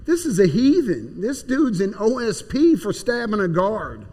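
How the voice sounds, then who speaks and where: A man's voice: high-pitched, sing-song, unhurried, warm tone. A man plainly and earnestly telling his personal testimony. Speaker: speaker giving personal testimony. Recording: long hall reverb.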